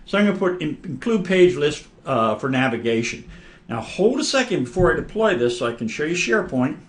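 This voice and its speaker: Man talking through a software demo. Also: a little high, sing-song, a little fast, slight background noise. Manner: casual, talks through each click, frequent throat clearing. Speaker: software instructor. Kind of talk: screen-recorded software demonstration.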